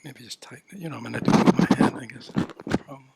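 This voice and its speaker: The recording is very noisy, and the older man speaks very fast in a creaky, medium-pitched voice. He is a Buddhist dharma teacher at a retreat whose conversational talk is full of "you know" and "right?", with occasional playful baby-talk examples.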